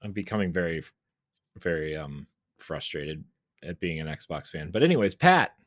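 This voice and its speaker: A man hosts a podcast with a very deep voice, recorded close and dry. He jokes and teases his co-hosts and laughs easily in loose, casual chat. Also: lively intonation, normal speed, no echo. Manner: joking and teasing, often laughing. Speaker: podcast host and editor.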